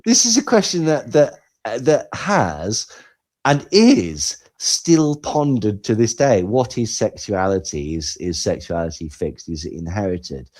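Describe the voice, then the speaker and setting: A man co-hosting a podcast, talking in animated, sarcastic commentary that swings between loud and quiet. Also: fairly low pitch, measured pace. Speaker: podcast co-host. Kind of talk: casual commentary chat.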